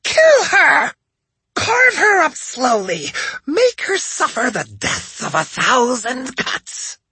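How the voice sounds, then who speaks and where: A shrill, sneering witch assassin who mocks her victims with lilting, swooping contempt, as a male audiobook narrator puts her on. The voice keeps a husky grain, recorded close and dry. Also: huge pitch swings, slow, dry recording, heavily acted. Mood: furious. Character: spiteful female witch assassin, mocking.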